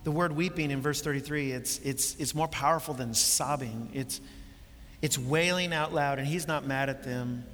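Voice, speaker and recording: A man preaching a sermon as pastor, impassioned, building to emphatic peaks and then dropping quiet. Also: medium pitch, normal speed. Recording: long reverb of a large hall with faint music.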